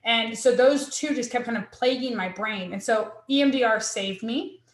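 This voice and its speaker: Earnest woman with a fairly high voice. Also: normal speed. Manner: earnest and reflective, quoting her own thoughts aloud. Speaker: guest sharing her story. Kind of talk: personal storytelling in conversation. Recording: echoey room.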